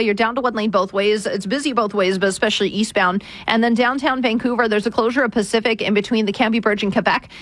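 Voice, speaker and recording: A woman giving a brisk radio traffic and weather report. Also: on the high side, dry recording. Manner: brisk, rapid-fire delivery.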